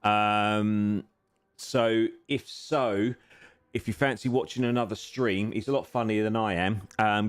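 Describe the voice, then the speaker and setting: A man hosting a sim racing live stream in casual chat, rambling and self-deprecating with lots of filler sounds, a bit tired. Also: on the low side.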